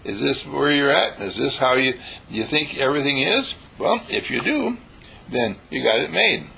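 A man giving a motivational talk, animated and acting out little dialogues in changing voices. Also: medium pitch, normal speed, creaky, breathy edge, poor audio. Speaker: inspirational speaker.

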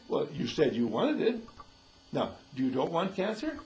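A man's voice: a little high, normal speed, low-quality recording. A man, the dean of a school, giving a folksy inspirational talk, chuckling often and acting out the people he quotes. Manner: chuckling often, animated, acts out quoted voices.

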